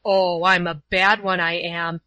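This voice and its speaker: A woman voicing a drunken, threatening brute of a man who talks loudly and slowly. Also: lowish voice, little pitch movement, no room sound, low-quality recording. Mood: gruff. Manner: loud, slow and bullying.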